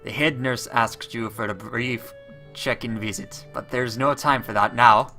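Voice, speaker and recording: A man voicing a brisk, hurried schoolteacher. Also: mid-range voice, steady tone, sharp tone, faint music behind. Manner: brisk, stumbles over the name. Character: rushed male homeroom science teacher.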